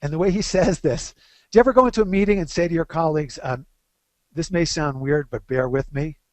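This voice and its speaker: A middle-aged man speaking as the guest expert on a webcast interview, an animated storyteller who slows down to stress key phrases. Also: a little high, no echo.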